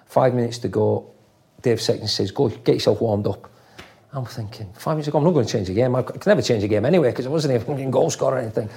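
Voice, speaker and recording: Rapid-fire and gravelly, the dark, mid-range voice belongs to a middle-aged former footballer from England who grew up in Leeds. As a guest in a relaxed interview, he recounts football stories, imitating voices and cursing freely.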